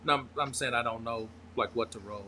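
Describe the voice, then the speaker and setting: A man's voice: mid-range voice, fairly quick, a crowd in the background. A man playing in a tabletop game, speaking hesitantly. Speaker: player. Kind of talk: casual chat.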